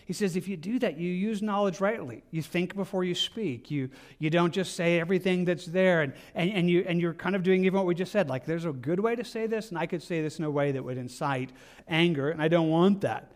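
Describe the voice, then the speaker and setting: Conversational high-voiced man preaching. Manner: conversational, many restarts and asides. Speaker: pastor. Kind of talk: sermon.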